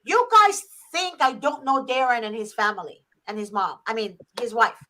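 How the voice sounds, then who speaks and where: A woman's voice: a little high, normal speed, pushed and bright. A woman hosting a talk show, speaking emphatically and with exasperation. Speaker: host.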